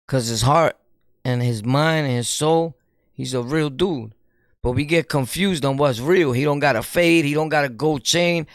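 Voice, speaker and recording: New york streamer dude lecturing haters, gravelly, slangy, laughs a lot, dry close mic. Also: male voice, fairly high pitch, unhurried, dry recording. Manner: animated, preachy, laughs often, street slang. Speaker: streamer and YouTuber. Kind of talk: casual commentary monologue.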